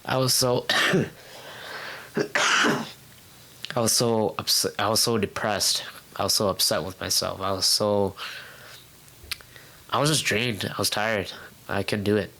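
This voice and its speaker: A young man with a fairly low voice tells his personal story in a relaxed interview at home. He speaks candidly and haltingly, with frequent fillers and restarts, and slips into quoting his past self. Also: low-quality recording. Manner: acts out his past self in quoted outbursts. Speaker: guest. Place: home room.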